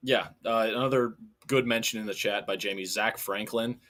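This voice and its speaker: A young man co-hosting a casual sports podcast, relaxed and quick to laugh, picking up viewers' chat comments. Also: fairly low pitch. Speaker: podcast co-host.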